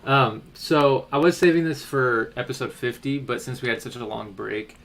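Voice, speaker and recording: A man's voice: mid-range voice, moderate pace, a bit bright. A man acting as game master, reading a recap of the story. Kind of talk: recap narration.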